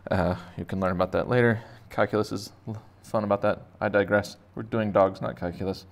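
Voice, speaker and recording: A male art teacher speaks briskly in a fairly low, creaky voice with fairly even intonation. He teaches kids to draw in a casual, rambling way, joking and thinking aloud as he sketches.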